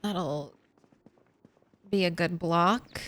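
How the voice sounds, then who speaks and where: A woman's voice: on the low side, very slow, fairly bright tone. A young woman streaming a zombie survival game, chatting casually with viewers and laughing often. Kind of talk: casual gameplay commentary.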